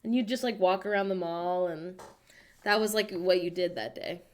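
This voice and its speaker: An American woman hosting a casual livestream, chatting playfully and reading viewers' messages aloud with animated, self-mocking humor. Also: fairly low pitch, normal speed. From United States. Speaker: livestream host reading chat. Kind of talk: casual chat.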